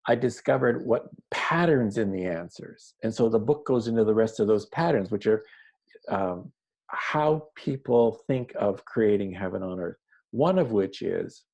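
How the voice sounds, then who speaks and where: Low gravelly man, earnest explainer. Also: darkish tone, low-quality recording. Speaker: author and interview guest. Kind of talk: conversational interview.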